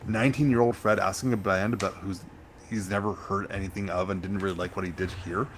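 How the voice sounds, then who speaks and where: A middle-aged man co-hosting a podcast, talking in a halting, self-deprecating way in casual chat. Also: deep voice, steady tone, a little hiss or hum. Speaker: podcast co-host.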